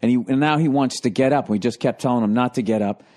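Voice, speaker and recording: A man's voice: medium pitch, quick pace, mellow. A man hosting a podcast, telling a casual anecdote full of swearing and laughing through it on a studio microphone. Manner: profane, laughing through his own anecdote. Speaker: podcast host. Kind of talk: casual storytelling.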